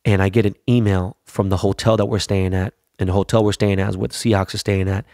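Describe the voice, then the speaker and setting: A middle-aged man talks through a loose, profane podcast monologue, getting hyped as he rambles. His voice sits low and gravelly. The sound is dry and close to the mic. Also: little pitch movement, quick pace, dark tone, no room sound. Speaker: podcast host. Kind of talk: casual monologue.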